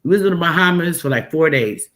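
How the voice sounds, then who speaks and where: Animated New woman telling a story. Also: sits low, fast. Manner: animated, emphatic, repeats phrases for effect. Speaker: host. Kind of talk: casual storytelling chat.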